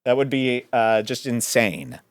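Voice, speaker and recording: A man hosts a show and mocks a video clip in a rambling, sarcastic way, full of jokes and tangents. His voice sits at an ordinary middle pitch. It is recorded close and dry, with no room sound. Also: unhurried, clear, resonant tone, no room sound. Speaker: podcast host. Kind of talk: mocking commentary on a video clip.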